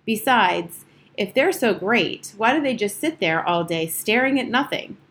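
A woman's voice: mid-range voice, animated, measured pace, a bit bright. A woman voicing a blunt, curious young girl writing frank notes, in an audiobook reading. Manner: frank, matter-of-fact.

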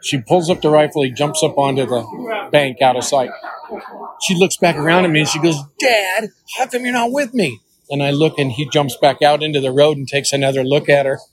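A man's voice: on the high side, steady tone, fairly quick, low-quality recording. An older man who works as a range master, telling hunting stories in a folksy way during an interview. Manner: folksy storyteller who acts out the voices of people in his stories. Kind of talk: storytelling interview answers.

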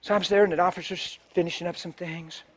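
High voiced guy preacher telling a story in his sermon, goes quiet then loud. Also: fast talker. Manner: animated storyteller, swings from hushed to loud.

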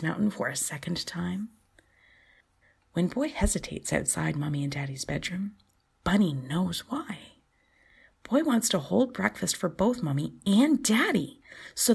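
Woman storyteller, low-pitched, breathy and gravelly, soft near-whispered reading. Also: expressive, measured pace. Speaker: podcast host and storyteller. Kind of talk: storybook narration.

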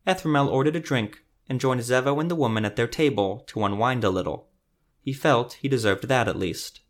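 A man narrating a fantasy story podcast in a measured, scripted storytelling manner. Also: medium pitch.

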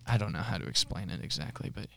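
A young man co-hosting a faith podcast, talking in an earnest, reflective way with frequent pauses and restarts. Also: low voice, animated, vocal fry, bright, forceful tone, no room sound. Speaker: podcast co-host. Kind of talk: casual chat.

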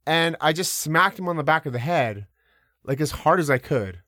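Animated man telling stories. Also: a little high, normal speed, no room sound, studio quality. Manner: animated, many fillers, casual swearing. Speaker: podcast guest. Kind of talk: casual storytelling.

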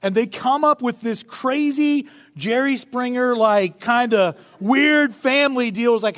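Animated high-voiced male preacher. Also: a little slow, few pauses. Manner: animated, joking storyteller. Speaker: pastor. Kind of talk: sermon. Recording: long hall reverb.

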